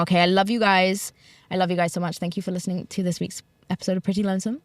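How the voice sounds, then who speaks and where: A young British woman chats loosely on her own podcast, her talk full of fillers and little self-mocking asides. Her voice sits a bit low for a woman. The sound is close and dry, recorded inside a car. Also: little pitch movement, racing, no room sound. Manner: rambling, filler-heavy, self-deprecating. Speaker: podcast host. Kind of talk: casual solo podcast chat.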